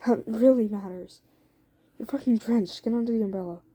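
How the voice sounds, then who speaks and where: A woman doing a gentle, protective teen boy. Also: on the high side, moderate pace, husky. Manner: soft, concerned, hushed.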